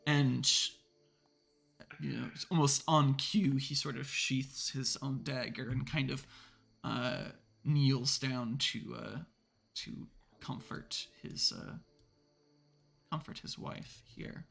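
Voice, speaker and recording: A man's voice: medium pitch, steady tone, takes it slowly, vocal fry, fairly bright tone, soft background music. A man narrating a tabletop horror game as game master, meandering with many hedges and fillers.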